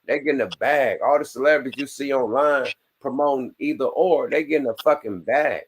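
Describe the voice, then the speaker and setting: Male podcast host, casual and blunt, profane, middle pitch. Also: brisk, slight background noise. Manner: blunt, profane, laughing asides. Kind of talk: casual chat.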